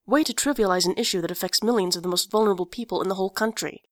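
A woman's voice: mid-range voice, racing, dry recording, clean studio sound, natural voice. A woman voicing an intense, righteous young male activist with a cold, clipped, staccato delivery. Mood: angry.

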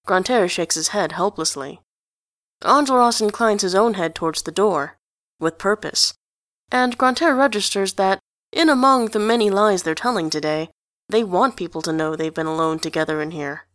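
A woman narrating a storybook reading at a measured, even pace. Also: mid-range voice, dry recording, clean studio sound. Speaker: audiobook reader.

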